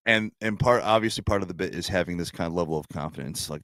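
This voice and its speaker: A man's voice: low-pitched, lively intonation, normal speed, long pauses, fairly bright tone, dry recording, clean studio sound. A young adult man hosting a casual livestream hangout, talking in a laid-back, profane way and laughing often. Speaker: livestream host.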